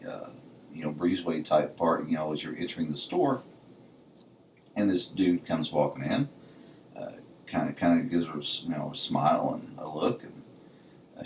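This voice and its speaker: A man's voice: very deep voice, a little hiss or hum. A man co-hosting a podcast, telling stories casually and saying "you know" all the time. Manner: says "you know" constantly, storytelling. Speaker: podcast co-host. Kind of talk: casual chat. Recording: distant mic in an echoey room.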